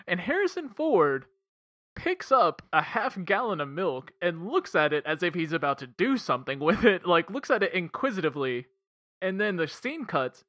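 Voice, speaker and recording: A man's voice: on the high side, sharp tone, dry recording, highs cut off. A man casually recapping a movie with a friend, laughing often, swearing and acting out lines. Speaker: podcast co-host.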